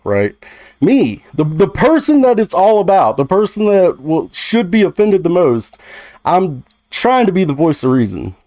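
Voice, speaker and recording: A man's voice: high voice, big pitch swings, a little slow, a little mellow, dry recording, clean studio sound. A young man telling a personal story on his gaming vlog, talking in a loose, conversational way with lots of fillers and restarts. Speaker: gaming YouTuber.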